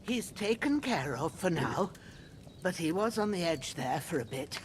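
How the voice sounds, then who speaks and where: A woman's voice: on the low side, animated, measured pace, slight background noise. An actress in a game playing a brusque old village healer woman tending a wounded young man.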